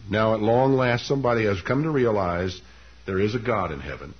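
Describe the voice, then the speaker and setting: A man preaching a sermon, telling a scripture story with lively, dramatic delivery. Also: brisk, husky, highs cut off. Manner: animated storytelling, leaps up in pitch for quoted lines.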